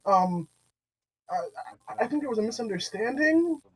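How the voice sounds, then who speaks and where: Hesitant tabletop player, mid-pitched. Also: animated, normal speed, noisy background. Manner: hesitant, many fillers and restarts. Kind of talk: casual tabletop role-play.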